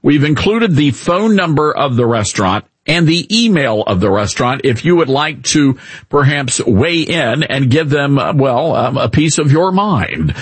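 A man hosting a talk radio show in a studio, giving animated, folksy conservative commentary with chuckling asides, his throat a bit irritated. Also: medium pitch, measured pace, breathy edge, dry recording. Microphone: studio microphone, dry.

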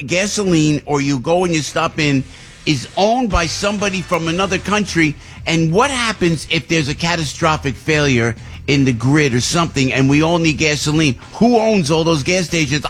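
A man hosting a radio talk show who tells a rambling, animated story with many restarts. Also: on the high side, moderate pace. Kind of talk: casual storytelling chat.

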